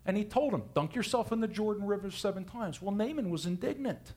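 A man's voice: high-pitched, lively intonation, a little fast, a little mellow. A man preaching a sermon, retelling Bible stories in a casual, conversational way and acting out the characters' lines. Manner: storytelling, acts out biblical characters in casual modern speech.

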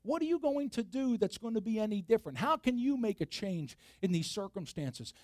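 A man's voice: sits high, sing-song, a little fast, darkish tone, no echo, studio quality, pitched above the performer's own voice. A man voicing a tall, dismissive king who questions a boy in disbelief, in a sermon retelling. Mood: doubtful.

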